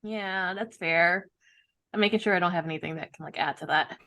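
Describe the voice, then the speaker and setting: A woman's voice: lowish voice, brisk, sharp tone. A woman playing a tabletop game, talking casually and rambling with many fillers. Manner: rambling, laughs often. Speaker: player.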